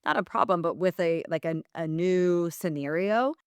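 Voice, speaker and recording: A woman's voice: fairly low pitch, normal speed, clean tone, no echo, studio quality. A woman hosting an interview podcast who affirms her guest and asks long, rambling questions full of fillers. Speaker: podcast host. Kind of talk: casual interview.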